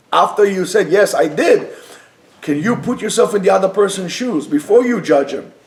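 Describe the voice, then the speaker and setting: A man teaching a Torah class, earnest and swinging from emphatic to soft and calm. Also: high voice. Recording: echoey room.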